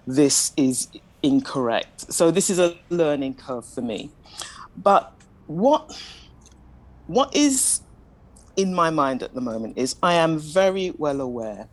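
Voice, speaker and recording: A woman speaking as a panelist in a discussion, measured and questioning, often admitting she is ready to be corrected. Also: low-pitched, low-quality recording. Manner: measured, questioning, self-deprecating.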